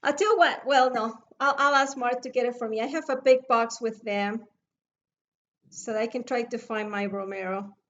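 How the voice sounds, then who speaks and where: A woman's voice: on the high side, normal speed, highs cut off. A middle-aged woman with a foreign accent, patiently teaching oil mixing over a video call. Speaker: essential oil mixing instructor.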